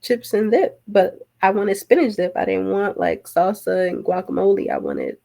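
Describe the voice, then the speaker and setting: A woman talks in a loose, casual podcast chat, with a gravelly, fry-edged voice. She tells her stories in a chatty way and laughs easily as she goes. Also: medium pitch, huge pitch swings, dark tone. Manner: chatty storyteller, quick to laugh. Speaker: podcast guest.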